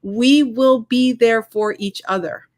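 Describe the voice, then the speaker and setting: A woman's voice: on the high side, slow pace, darkish tone. Earnest woman speaking from the heart. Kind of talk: casual video call chat.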